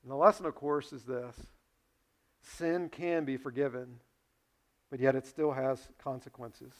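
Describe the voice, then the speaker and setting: A pastor preaching a sermon, retelling a story and acting out its dialogue with sudden swings from quiet to loud. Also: male voice, medium pitch, fairly even intonation, unhurried. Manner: storytelling, acts out dialogue with big swings in loudness.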